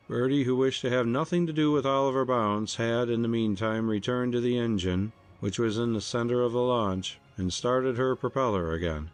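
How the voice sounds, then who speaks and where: A man narrating an audiobook in an even storytelling delivery. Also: mid-range voice, moderate pace, hardly any pauses, soft background music.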